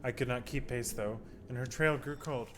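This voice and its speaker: A man reading aloud as a determined warrior searching for her mentor, earnest and measured. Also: medium pitch, background noise, close to an everyday voice.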